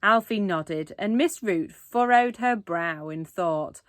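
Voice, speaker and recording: A woman's voice: medium pitch, slow, hardly any pauses, no echo, clean studio sound. A woman reading a children's book aloud expressively, with asides to young listeners. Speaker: reader.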